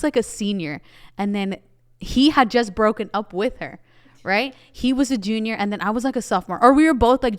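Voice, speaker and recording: A woman's voice: medium pitch, clear, resonant tone, no room sound. A young Mexican-American woman co-hosting a casual chat, telling stories with lots of quoted dialogue. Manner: chatty storyteller, animated quoting. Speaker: podcast co-host.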